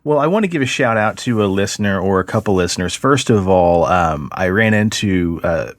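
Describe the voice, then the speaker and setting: A man's voice: low-pitched, a little fast, dry recording, studio quality. A man hosting a podcast, chatting casually and telling stories with a laugh. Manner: laughing storyteller, animated. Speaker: podcast host.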